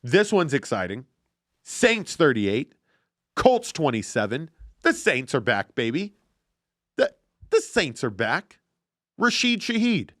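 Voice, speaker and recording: Animated, profane man recapping football. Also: fairly high pitch, slow pace, pauses often, no echo, studio quality. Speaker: podcast host. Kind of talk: casual sports chat.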